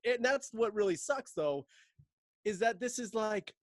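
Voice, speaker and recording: A man's voice: high-pitched, lively intonation, measured pace, no echo. A man in casual chat, ranting and mocking with lots of swearing, laughing between phrases.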